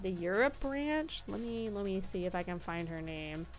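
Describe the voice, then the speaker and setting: A woman's voice: medium pitch, expressive, normal speed, soft background music. A woman VTuber streamer chatting casually while playing, rambling with lots of fillers, laughing often and swearing.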